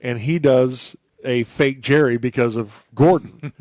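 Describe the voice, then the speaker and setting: A man's voice: medium pitch, slow pace, darkish tone, no room sound. An older man hosting a podcast, chatting casually and telling stories with frequent laughs. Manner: laughs often, chatty storytelling. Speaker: podcast host. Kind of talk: casual chat.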